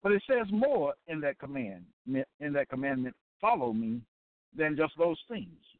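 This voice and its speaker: Guy preaching a bible lesson, kinda high voice, sounds like a phone line, dry, repeats stuff and keeps saying okay. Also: big pitch swings. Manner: deliberate and repetitive, with many fillers and check-ins. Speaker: Bible teacher. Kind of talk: sermon-style Bible lesson.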